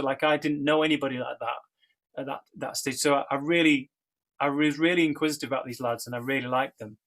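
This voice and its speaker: Middle-aged guy rambling through his story, lots of ums and restarts, ordinary pitch. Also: fairly bright tone. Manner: chatty, rambling, with many fillers and restarts. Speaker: church member sharing his story. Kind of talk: casual personal testimony.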